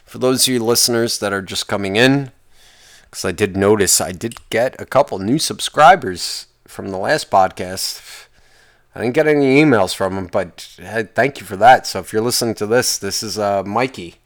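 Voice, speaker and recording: A man hosting his own podcast alone, ranting in a profane, exasperated way, his voice jumping higher when he gets worked up. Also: moderate pace. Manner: pitch jumps up when worked up. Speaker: podcast host. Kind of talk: casual solo podcast rant.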